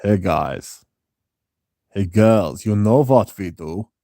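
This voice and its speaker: A man doing an impression of a brash, crude, pompous man with a German accent, talking slowly and boastfully. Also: lowish voice, expressive, mellow. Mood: leering.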